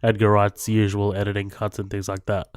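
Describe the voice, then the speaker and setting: A man co-hosting a podcast, talking about a film in an excited, profane way. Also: lowish voice, fairly quick, no room sound. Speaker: podcast co-host. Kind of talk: casual film commentary chat.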